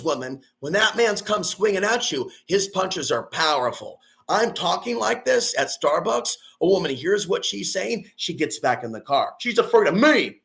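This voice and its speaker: A ranting male vlogger with a slightly high voice. He talks aggressively and profanely, hammers on repeated phrases, and often bursts into shouting. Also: vocal fry. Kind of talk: ranting monologue.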